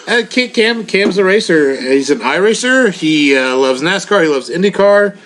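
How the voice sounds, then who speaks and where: A man's voice: high-pitched, animated, normal speed, fairly bright tone. A man co-hosting a casual beer podcast, trading jokes and echoing the others' lines. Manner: joking banter, repeats others' lines. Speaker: podcast co-host. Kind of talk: casual beer-tasting chat.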